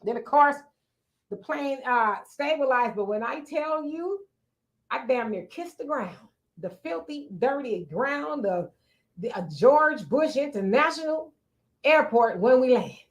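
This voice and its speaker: A middle-aged woman co-hosting a casual talk show, telling a story in an animated, dramatic way. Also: high-pitched, a little slow. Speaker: co-host.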